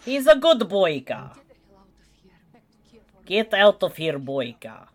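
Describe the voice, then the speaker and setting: Woman riffing on a movie, slow talker, pitch all over the place, playful. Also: very animated. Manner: playful, laughing asides.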